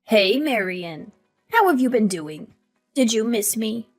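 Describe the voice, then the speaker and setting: A woman voicing a cold, scornful middle-aged mother in an animated story, with a cutting, dismissive way of talking. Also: on the high side, measured pace, faint music behind, exaggerated voice. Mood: wheedling.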